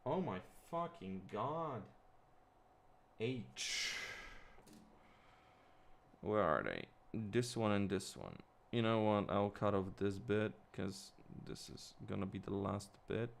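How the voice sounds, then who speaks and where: A man with an Eastern European accent, whose first language isn't English, mumbles to himself and swears under his breath while building a model kit. His lowish voice is expressive, slow and gravelly, with a little hiss or hum in the audio.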